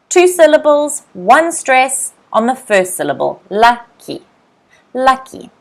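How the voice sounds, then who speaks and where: A young woman with an Australian accent teaching English vocabulary in a live online lesson, repeating each word slowly and greeting viewers by name. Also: medium pitch. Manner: slow, drilled word repetition.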